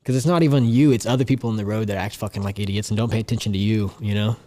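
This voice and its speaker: A man's voice: fairly low pitch, very fast. Young man, swearing storyteller. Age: young adult. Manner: animated, laughs through his stories, swears constantly. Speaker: guest comedian. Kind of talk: casual profane storytelling.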